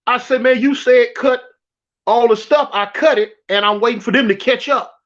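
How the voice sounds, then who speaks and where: On a dull, lo-fi recording, a guest from South Central Los Angeles spins a prison tale full of slang, repeated phrases and acted-out quotes. His voice is very high and a bit bright, at a moderate pace.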